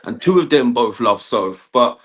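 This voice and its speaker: A man's voice: mid-range voice, expressive, unhurried, fairly bright tone. A man, an electrician chatting casually on a livestream, laughing often and asking "do you know what I mean". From Kent, England. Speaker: guest electrician.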